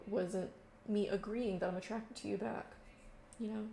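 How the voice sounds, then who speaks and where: Chatty young woman with vocal fry. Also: medium pitch, steady tone, takes it slowly, pauses often, mellow. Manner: chatty, lots of fillers and quoted voices. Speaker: vlogger. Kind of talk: casual storytime chat. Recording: echoey room with faint noise.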